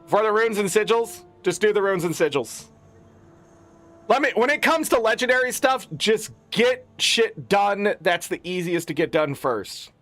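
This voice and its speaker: Man, casual gaming rant, profane, exasperated, high voice, faint music behind. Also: very animated, a little slow, a bit bright. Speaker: gaming content creator.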